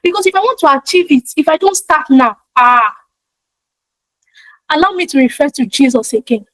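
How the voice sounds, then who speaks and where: Woman, motivational talk, emphatic, repeats herself, preacher-like, high voice. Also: expressive, moderate pace, a bit bright, no room sound, rough recording. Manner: talks of her own practice in speaking to online audiences. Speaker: motivational speaker.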